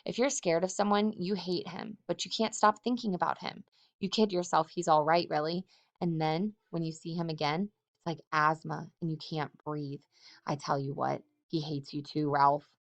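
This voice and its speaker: A woman's voice: sits low, steady tone, moderate pace. A woman voicing a fearful, bespectacled, asthmatic schoolboy who talks in an anxious, pleading way.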